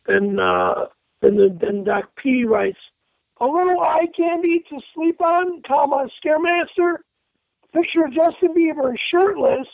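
A man's voice: extremely high pitch, vocal fry, no room sound. A man reading an online thread aloud on the radio, reading the punctuation out, stumbling over words and cursing indignantly. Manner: reads punctuation aloud, stumbles, swears angrily. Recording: tinny phone-line radio audio.

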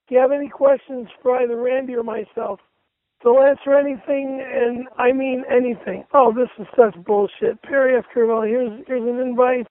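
Angry caller type: raspy, high man spluttering profanity over a thin phone line on radio. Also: no room sound. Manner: furious, profane, stammering. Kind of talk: angry comic radio rant.

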